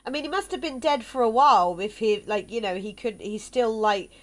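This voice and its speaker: A woman's voice: a little high, fairly quick, slight background noise. A tired woman streaming a game live, chatting in a rambling way with fillers and laughs. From South West England. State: yawning, tired. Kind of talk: casual live gameplay chat.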